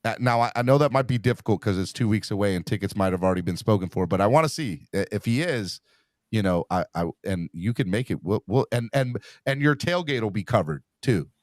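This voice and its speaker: A man hosting a fan podcast in an excitable, casual way. He repeats himself and keeps calling people "man" and "bro". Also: on the low side, brisk, no echo, studio quality. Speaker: podcast host. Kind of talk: casual chat.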